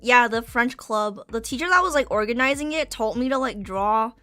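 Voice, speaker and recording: A woman's voice: a little high, lively intonation, moderate pace, bright, forceful tone, no echo, faint music behind. A young woman streamer chatting casually while she draws, rambling with restarts and casual swearing, just over being sick. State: recovering from illness. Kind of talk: casual chat while drawing.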